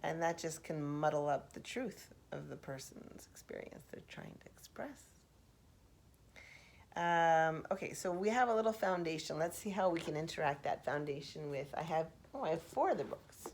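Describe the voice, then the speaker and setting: A woman speaking softly for ASMR, musing aloud with pauses and half-whispered asides. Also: low voice, animated, a little hiss or hum. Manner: reflective, thinking aloud with pauses. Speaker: host. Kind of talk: soft-spoken ASMR poetry analysis.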